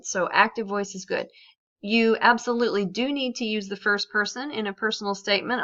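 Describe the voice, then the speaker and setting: Bright-voiced woman teaching writing. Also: medium pitch, dull audio. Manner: conversational, explaining with examples and frequent ums. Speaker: academic writing specialist. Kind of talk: instructional talk on writing.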